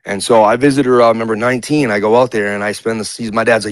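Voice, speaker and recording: A man's voice: lowish voice, fairly even intonation, very fast, no room sound, poor audio. A man in his forties from New York, a guest telling personal stories in a rambling way, full of filler words. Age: 40s. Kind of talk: casual conversation.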